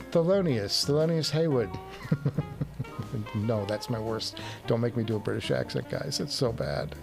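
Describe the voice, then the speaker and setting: A man hosting a casual live stream. He reads viewer comments and rambles in a self-deprecating way, chuckling often. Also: mid-range voice. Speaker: livestream host.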